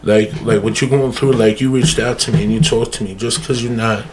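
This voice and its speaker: A man's voice: mid-range voice, steady tone, a little fast, noisy background. A man speaking earnestly as a podcast guest, casual and emphatic, often repeating words and calling people "bro.". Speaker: guest speaker on mental health. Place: podcast studio.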